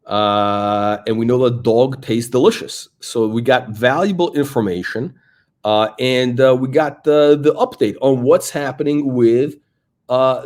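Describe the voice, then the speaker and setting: A man's voice: medium pitch, darkish tone. A man hosting a casual podcast, talking in a loose, rambling, joking way with lots of fillers. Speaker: host.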